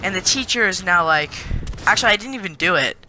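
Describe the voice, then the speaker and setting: A male vlogger telling a story to the camera in an animated, indignant way. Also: high-pitched, fast talker, slight background noise.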